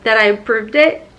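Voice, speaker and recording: Casting note: excitable high-pitched woman vlogger, 30s, rambling and gushing. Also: a little hiss or hum. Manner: bubbly, rambling, baby talk to her cat. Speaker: beauty vlogger. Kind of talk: chatty unboxing vlog.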